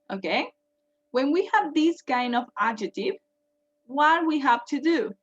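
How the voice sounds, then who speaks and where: A woman's voice: high-pitched, lively intonation, moderate pace, muffled recording. A woman teaching English grammar, patiently repeating each point and translating it. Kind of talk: bilingual grammar lesson.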